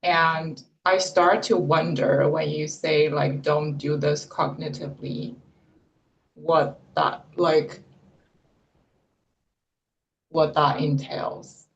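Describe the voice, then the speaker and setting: A client speaks slowly and haltingly, pausing to find the right words. The voice comes through dull and lo-fi, as if from a distant mic. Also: mid-range voice, little pitch movement. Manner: hesitant, searching for words. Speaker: coaching client.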